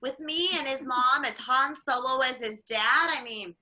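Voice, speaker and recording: A woman's voice: high voice, a little slow, pushed and bright, heavily acted. A woman comedian playing a jaded middle-aged space princess and mother, griping in a sardonic stand-up set. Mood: weary griping. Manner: sardonic, griping, mock-weary asides. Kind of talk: in-character stand-up. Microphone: livestream mic.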